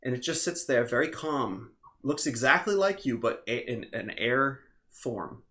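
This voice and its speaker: A man running a tabletop game as game master, describing scenes in a relaxed way with fillers. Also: mid-range voice, measured pace.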